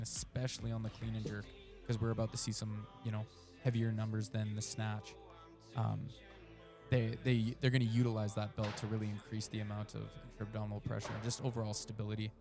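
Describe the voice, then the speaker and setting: A male weightlifting commentator walks listeners through technique in a steady, flat, coaching way, with plenty of ums. Music plays clearly in the background of his stream. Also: fairly low pitch, fairly quick. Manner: explanatory, coaching tone, many fillers. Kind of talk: live sports commentary.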